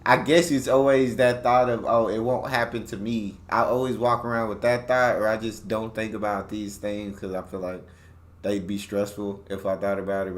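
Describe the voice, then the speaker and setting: Low-voiced man reacting emphatically. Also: fairly bright tone. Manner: emphatic, repeats phrases, gets heated. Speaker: reaction video host. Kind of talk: casual commentary.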